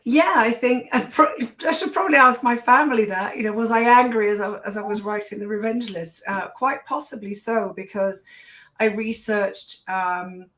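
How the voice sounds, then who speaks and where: A woman's voice: mid-range voice, normal speed, fairly bright tone. A woman author answering interview questions in a thoughtful, conversational way, with frequent fillers and restarts.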